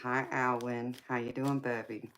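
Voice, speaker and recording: Woman, deep slow voice, playful live-stream tarot host, faint background noise. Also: level tone, a bit bright. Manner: playful, teasing, calls viewers baby and sweetheart, laughs often. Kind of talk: casual live-stream chat with viewers.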